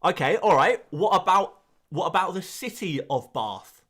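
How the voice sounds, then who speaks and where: A young man from England chatting casually on a live stream, reading and answering chat questions in a rambling, animated way with quick asides. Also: high voice.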